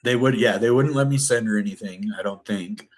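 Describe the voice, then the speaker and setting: A man's voice: on the low side, a little fast. Earnest rambling middle-aged man. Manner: rambling, restarts and self-corrections; earnest and emotional. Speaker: vlogger telling his life story. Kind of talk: casual personal storytelling.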